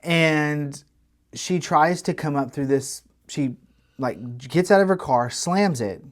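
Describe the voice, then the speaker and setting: A man, co-hosting a podcast and telling a long story in a casual, animated way with lots of restarts. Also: a little high, slow. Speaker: podcast co-host. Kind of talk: casual chat.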